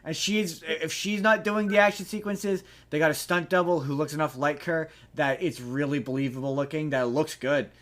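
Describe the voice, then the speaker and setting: A man hosting a podcast, chatting casually about a movie in a rambling, animated way with lots of restarts and swearing. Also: fairly high pitch, moderate pace, few pauses. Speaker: podcast host. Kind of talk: casual movie review chat.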